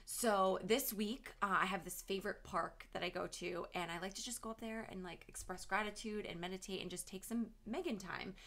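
Chatty female podcast co-host, forceful tone, gravelly edge. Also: medium pitch, steady tone, brisk, hardly any pauses. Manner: chatty, full of "like" fillers. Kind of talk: casual chat.

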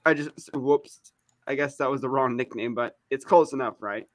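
A man chatting casually with friends in a group voice chat, quick to react and joke. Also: mid-range voice, no room sound.

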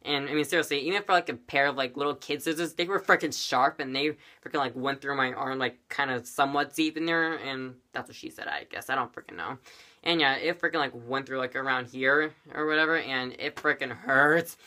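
Rambling bright-voiced male storyteller. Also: mid-range voice, a little fast. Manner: rambling, many fillers, dramatic. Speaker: vlogger. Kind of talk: storytime vlog.

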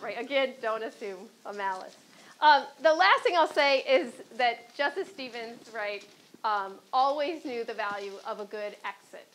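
Higher-pitched Chicago woman on a panel. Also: fairly bright tone, slight background noise, poor audio. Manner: anecdotal, often adds "right?". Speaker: panelist, former court clerk. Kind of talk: speaking on a panel.

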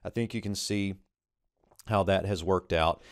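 A man's voice: deep voice, steady tone, measured pace, dry recording, studio quality. A man teaching Biblical Hebrew, methodically walking through a verse in a screen-recorded lesson. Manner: methodical, explains step by step while circling text on screen.

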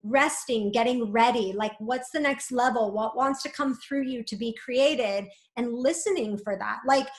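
A woman guest talking in a flowing, gently encouraging way, often adding "like" and "right?". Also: fairly high pitch, moderate pace, hardly any pauses, echoey room. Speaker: guest, spiritual coach. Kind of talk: reflective conversational interview.

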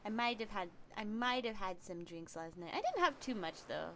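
A woman streaming a game, chatting excitably, giggling and swearing, her throat a little scratchy today. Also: medium pitch, normal speed. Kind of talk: casual game-stream chat.

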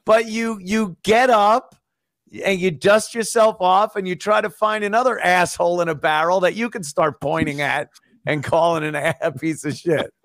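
A man's voice: high-pitched, steady tone, moderate pace, a bit bright, no room sound, clean studio sound. A middle-aged man, a former radio host, chatting as a guest on a podcast, wry and profane, often laughing. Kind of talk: casual podcast chat.

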